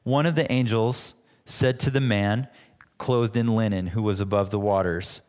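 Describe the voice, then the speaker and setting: A man's voice: fairly low pitch, steady tone, moderate pace, a little mellow. A man preaching a sermon as pastor, teaching in a conversational way with frequent restarts. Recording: long hall reverb.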